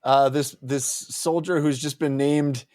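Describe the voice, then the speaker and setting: A man's voice: mid-range voice, fairly even intonation, a little slow, a little mellow, no echo, studio quality. A man co-hosting a casual book club podcast, laughing often and acting out characters' lines. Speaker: podcast co-host.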